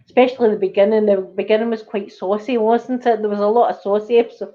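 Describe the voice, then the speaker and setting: A woman's voice: mid-range voice, fast talker. A Scottish woman of middle age tells a story in an easy, chatty way. She acts out what others said as she goes. The recording is a little dull and lo-fi. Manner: animated storyteller, acts out quoted voices. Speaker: channel host. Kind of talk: casual storytelling chat.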